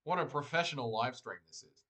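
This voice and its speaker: Man, mid-pitched, hosts a casual livestream, rambling and joking as he reads chat aloud. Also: brisk, sharp tone. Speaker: livestream host.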